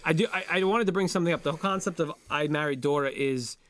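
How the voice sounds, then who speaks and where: A man co-hosting a casual chat show, rambling and joking in an animated way. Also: fairly high pitch, fast. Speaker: podcast co-host.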